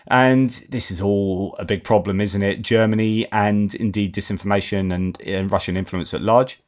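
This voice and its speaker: Brief: English man, slightly low voice, casual host commentary, hesitant with restarts. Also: darkish tone. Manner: hesitant, with frequent fillers and restarts over names. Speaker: host of a daily news update show. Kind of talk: unscripted news commentary read from reports.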